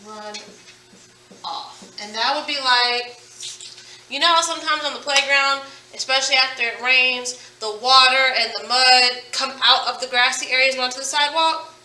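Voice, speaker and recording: A woman teacher leading a phonics lesson, stretching out words slowly and praising her students as she goes. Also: sits high, steady tone, pushed and bright, echoey room, distant mic, slight background noise, poor audio. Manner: slow, drawn-out word modelling with praise.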